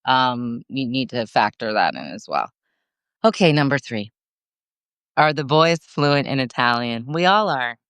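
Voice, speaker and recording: A chatty Californian woman talks through viewer questions in a relaxed, upbeat way, leaning on "like" and "um". Her voice comes across smooth and clean, recorded close and dry with no room sound. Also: very deep voice, measured pace, no echo. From Los Angeles area, USA. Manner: chatty, upbeat, fills gaps with "like" and "um". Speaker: co-host of a live video Q&A. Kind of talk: casual chat answering viewer questions.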